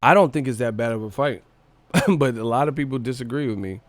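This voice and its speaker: A man's voice: medium pitch, fairly quick, no echo. Young male stream host, Northern California street accent, casual and jokey, mid-range voice. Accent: Northern California, Sacramento. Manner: loose and joking, reads chat aloud, laughs often, slangy. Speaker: host of a live boxing stream. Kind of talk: casual live-stream chat.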